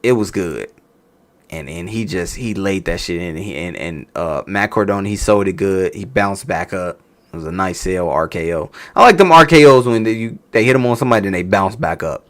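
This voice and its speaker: A man's voice: sits low, fairly quick. A man casually reviewing a wrestling show, talking loosely and profanely as he tells stories and laughs along. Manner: animated, profane, storytelling with laughs. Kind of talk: casual reaction chat.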